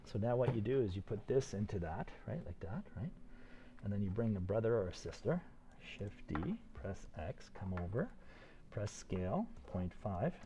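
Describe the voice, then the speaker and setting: An older man teaching a 3D modeling tutorial live, talking fast and excitedly while he demonstrates and encourages his students. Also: lowish voice, noisy background. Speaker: 3D modeling instructor.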